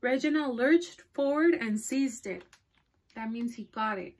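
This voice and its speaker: A woman's voice: a little high, unhurried. A woman librarian reading a picture book aloud to children. She stops to ask her listeners questions and laughs often.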